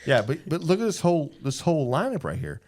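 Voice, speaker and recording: A man's voice: on the high side, huge pitch swings, fast talker, background noise. A man co-hosting a podcast, talking in an emphatic, rambling way with restarts. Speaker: podcast co-host. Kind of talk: casual chat.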